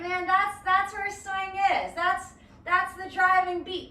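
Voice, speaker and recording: A woman's voice: very high voice, measured pace, sharp tone, far from the mic, slight background noise. A woman teaching a live-streamed dance lesson, counting beats aloud in a playful, encouraging way. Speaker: dance instructor. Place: home or studio room. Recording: echoey room, voice from afar.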